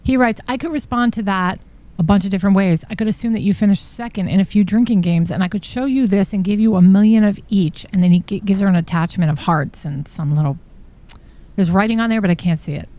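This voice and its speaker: A woman's voice: medium pitch, fast talker, mellow. A woman hosting a true crime live stream, reading text messages aloud and reacting with shocked asides. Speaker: true crime podcast host. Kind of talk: live-stream commentary reading trial exhibits.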